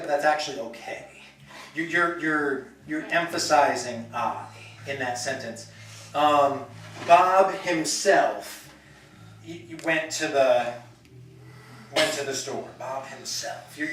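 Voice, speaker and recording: A man's voice: on the high side, normal speed, a bit bright, a little hiss or hum. A man teaching a language class in a lecture style, chatty and explaining with acted-out example sentences. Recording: echoey classroom, mic far off.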